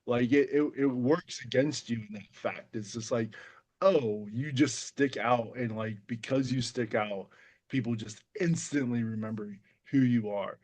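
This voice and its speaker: A man co-hosting a podcast, talking in a relaxed, conversational way with casual fillers. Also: medium pitch, unhurried. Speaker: podcast co-host. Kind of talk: casual chat.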